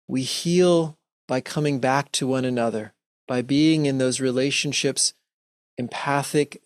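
A man gives a gentle, earnest Lenten talk to a Christian audience, often restarting sentences and acting out short examples. His voice is medium-pitched, and the recording is dry and studio quality.

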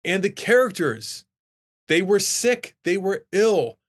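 Male English professor with a slightly high voice, enthusiastic classroom lecturer. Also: big pitch swings, takes it slowly, breathy edge. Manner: enthusiastic, emphatic about the poetry.

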